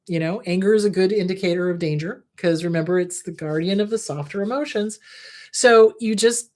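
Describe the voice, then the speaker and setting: A woman's voice: lowish voice, a little mellow. Candid middle-aged woman host. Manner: candid, frank, soothing reassurance. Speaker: podcast host, therapist. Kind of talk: casual advice talk.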